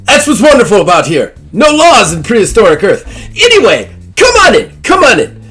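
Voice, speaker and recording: A man voicing a flamboyant, excitable male showman with a squealing, pompous manner in a tabletop game. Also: high voice, normal speed, husky, faint music behind, pitched above the performer's own voice, exaggerated voice. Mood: shrill, pompous. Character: flamboyant shrill male dinosaur-hunt showman.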